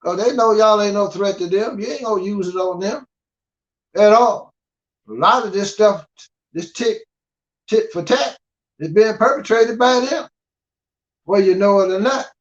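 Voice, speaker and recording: Older guy from the us, high voice, gruff preachy scolding, muffled lo-fi sound. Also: normal speed, long pauses. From United States. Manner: gruff, scolding, repeats "you understand?". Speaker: guest speaker. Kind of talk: blunt preaching monologue. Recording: dull lo-fi audio.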